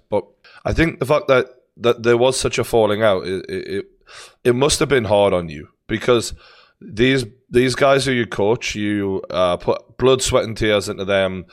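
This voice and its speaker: Low-voiced Geordie host asking haltingly. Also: male voice. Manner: halting, many restarts and fillers. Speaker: podcast host. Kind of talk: interview questions.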